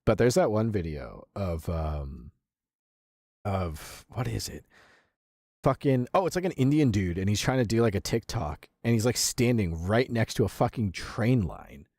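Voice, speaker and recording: Young man, streamer, casual reaction commentary, profane, excitable, husky, lively pitch. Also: unhurried, no room sound, clean studio sound. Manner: profane, excitable, laughs often.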